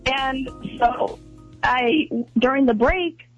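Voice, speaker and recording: A chatty woman co-hosting a radio talk show, laughing easily between thoughts. Her voice is a little husky and fairly high. The broadcast sound is muffled and dull, with faint music underneath. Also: slow pace, no room sound. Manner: chatty, laughs often, many fillers. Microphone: studio microphone.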